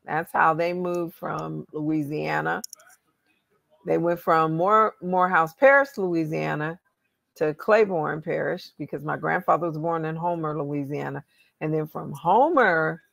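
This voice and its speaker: Looking things up on screen and talking through her thoughts, a genealogy host from California with a Southern US accent chats casually about family research. She speaks a little slowly in a low, slightly bright voice with fairly even intonation and vocal fry; there is no echo.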